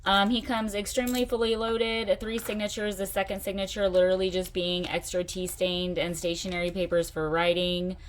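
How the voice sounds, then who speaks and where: A woman's voice: medium pitch, level tone, normal speed, few pauses, slight background noise. A middle-aged woman hosting her own craft channel, chatting enthusiastically through a casual show-and-tell vlog.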